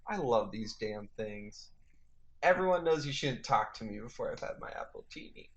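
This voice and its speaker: A man's voice: medium pitch, moderate pace. Guy on a comedy podcast telling a silly story totally straight-faced, rambly. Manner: rambling, mock-earnest, deadpan. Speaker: podcast host.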